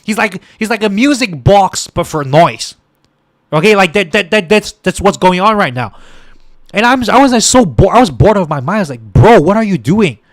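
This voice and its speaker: A man's voice: high voice, expressive, normal speed, no echo. A man hosting a political podcast stream, ranting in exasperation at his viewers with many stumbling restarts. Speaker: political podcast host and livestreamer.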